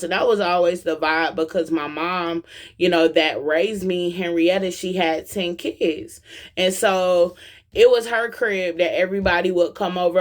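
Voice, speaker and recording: A young woman from the American South giving an impassioned, slangy personal testimony as a vlogger, preaching directly to her viewers. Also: fairly low pitch. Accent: Southern US, Atlanta.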